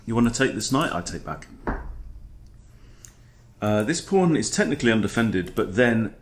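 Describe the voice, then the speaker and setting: A man's voice: lowish voice, very animated, normal speed. A man coaching chess, talking through a game in a playful, chatty way. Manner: playful, chatty, throws in silly impressions. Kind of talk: casual game commentary.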